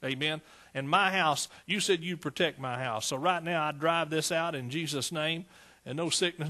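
A man's voice: fairly high pitch, moderate pace, sharp tone. A man preaching a fervent sermon, calling out to his congregation.

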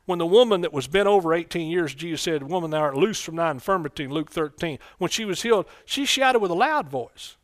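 A man preaching a folksy sermon in church, breaking into loud excited bursts. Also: fairly high pitch, brisk, few pauses, dry recording. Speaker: pastor.

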